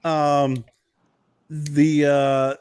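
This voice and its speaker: A man co-hosting a podcast in casual chat, telling animated stories with frequent laughs and restarts. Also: fairly high pitch, drawn-out words, smooth, no room sound, clean studio sound. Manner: animated storyteller, laughs often, rambling restarts. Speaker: podcast co-host.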